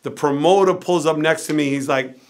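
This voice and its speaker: A man's voice: on the high side, a little fast. A middle-aged man telling a wild story as an interview guest, acting out quotes and swearing freely. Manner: vivid anecdote with acted-out quotes and swearing. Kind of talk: animated storytelling.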